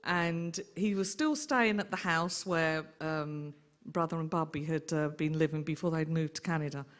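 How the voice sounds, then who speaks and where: A middle-aged woman, an aunt telling lively stories in a memorial tribute. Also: low-pitched, normal speed. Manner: lively anecdotal storyteller. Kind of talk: eulogy storytelling.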